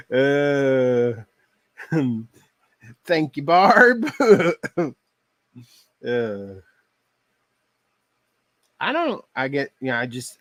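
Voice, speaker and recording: Slow, lively Texan craft host. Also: male voice, medium pitch, dry recording. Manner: chatty, talking to viewers while painting. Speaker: crafts live-stream host. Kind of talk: casual live-stream chat while crafting.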